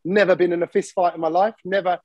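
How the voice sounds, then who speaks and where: A man hosting a podcast in casual chat, animated and acting out the voices of people he quotes. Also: sits high, fast talker, no echo, dull audio. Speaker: podcast host.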